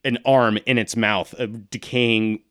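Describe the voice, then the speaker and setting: A man running a tabletop game as game master, narrating the action in a relaxed, descriptive way between casual banter with his players. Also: mid-range voice, unhurried, clear, resonant tone, dry recording, studio quality.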